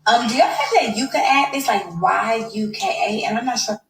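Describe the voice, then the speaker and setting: A woman's voice: fairly high pitch, animated, normal speed, gravelly, noisy background. A chatty woman from Dayton, Ohio, chatting casually with her viewers and asking them questions. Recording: echoey room with music behind.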